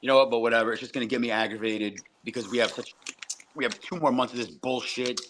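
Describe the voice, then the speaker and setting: A man's voice: medium pitch, steady tone, fast, fairly bright tone. Man, casual sports podcast co-host, rambling and profane, faint hiss behind. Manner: profane, rambling, mimics announcers.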